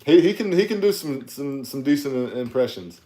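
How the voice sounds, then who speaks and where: A man from South Carolina, co-hosting a podcast, chatty and quick to laugh. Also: mid-range voice, animated, warm tone. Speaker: podcast co-host. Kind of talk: casual chat. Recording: roomy echo.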